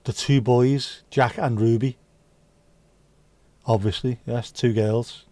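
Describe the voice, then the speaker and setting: A British man hosts a relaxed livestream, chatting and cracking jokes as he reads out viewer comments. His voice sits at an ordinary pitch. The sound is close and dry, with no room echo. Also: slow pace. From United Kingdom. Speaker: livestream host. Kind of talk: casual livestream chat.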